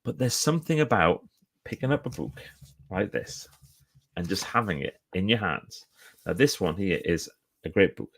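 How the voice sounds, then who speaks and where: Chatty middle-aged man, low voice. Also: expressive, moderate pace, a bit bright. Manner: chatty and enthusiastic, self-interrupting. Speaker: author and speaker. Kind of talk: casual live-stream chat. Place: home office lined with books. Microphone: phone or camera for a live stream.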